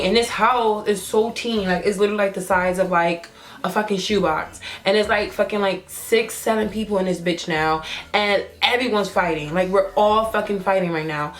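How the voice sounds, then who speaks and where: A young woman recounts a wild personal story straight to camera. She curses freely and keeps slipping into the voices of the people she quotes. Her pitch sits in the middle for a woman. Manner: profane, animated retelling with acted quotes. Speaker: vlogger. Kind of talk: storytime vlog.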